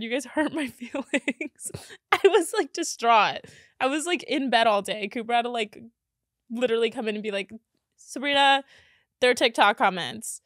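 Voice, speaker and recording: A young woman hosting a candid solo podcast, telling stories in a chatty, giggly, animated way. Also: a little high, dry recording, clean studio sound. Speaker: podcast host.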